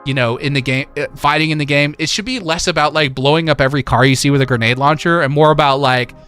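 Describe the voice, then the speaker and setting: A man hosting a livestream, chatting with his viewers in a lively, excitable way. His voice is bright and a little high, full of filler words and quick hype. Faint music sits underneath. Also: clean tone. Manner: animated, hyping, lots of filler words. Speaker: livestream host. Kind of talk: casual livestream chat, reading chat messages.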